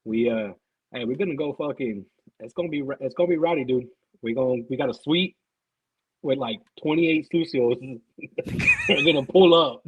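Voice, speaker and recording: A man's voice: mid-range voice, wildly swooping pitch, normal speed, a little hiss or hum, low-quality recording. A man, a guest on a podcast, talking in a rambling, profane way that repeats words. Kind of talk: casual podcast chat.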